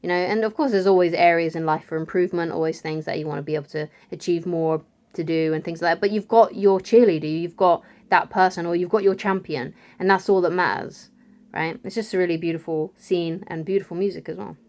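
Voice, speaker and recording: A woman's voice: fairly low pitch, steady tone, fairly quick, a little mellow. A woman giving casual relationship advice to camera, chatty, often asking "right?" and laughing lightly. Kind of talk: casual advice video talk.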